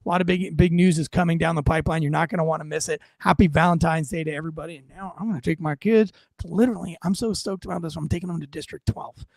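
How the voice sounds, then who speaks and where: A man's voice: a little high, steady tone, racing, vocal fry, hardly any pauses, dry recording, studio quality. A man hosting a podcast, talking through a video clip in emphatic, casual commentary with frequent fillers. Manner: emphatic, punchy, with many fillers. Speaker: podcast host.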